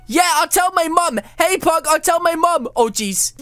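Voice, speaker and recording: A high-voiced woman gives breathless, excitable commentary over her game, constantly reacting with surprised exclamations. Soft music plays faintly underneath. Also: normal speed. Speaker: gamer.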